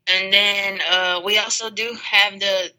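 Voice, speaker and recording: A woman co-hosting a podcast in casual chat, relaxed and matter-of-fact, with dry asides. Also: medium pitch, unhurried, poor audio. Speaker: podcast co-host.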